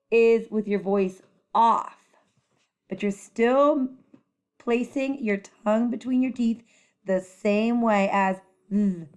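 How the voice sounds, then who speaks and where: A female teacher leads a children's phonics lesson in a medium-pitched voice, modeling letter sounds. She speaks clearly and encouragingly.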